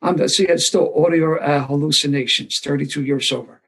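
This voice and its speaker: A man's voice: fairly high pitch, fairly even intonation, moderate pace, creaky, a bit bright, slightly rough, rough recording. A man, telling a self-deprecating story to a live recovery meeting and acting out the voices he quotes. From Philadelphia area. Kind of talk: storytelling talk to a live audience.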